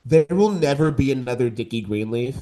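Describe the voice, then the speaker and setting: A man's voice: mid-range voice, animated, a little fast, dark tone. Emphatic campy male podcast co-host. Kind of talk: casual podcast debate.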